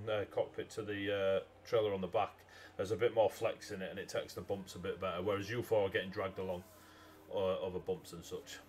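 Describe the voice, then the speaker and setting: A man's voice: on the low side, slight background noise. A man narrating a tabletop game as game master, rambling with many ums and uhs over a video call mic.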